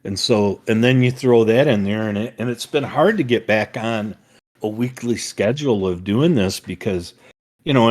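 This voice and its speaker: An older man talks in a very low, deep voice. He rambles through casual family chat, circling back with fillers and restarts. He is a father co-hosting a podcast with his son. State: recovering from a summer cold.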